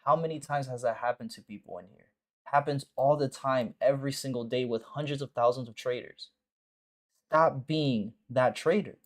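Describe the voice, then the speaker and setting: A man's voice: medium pitch, normal speed. Blunt, profane male trading streamer. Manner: blunt and profane, talks straight to viewers with slang; repeats short phrases for emphasis. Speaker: forex trading mentor and stream host. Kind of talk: casual live-stream commentary.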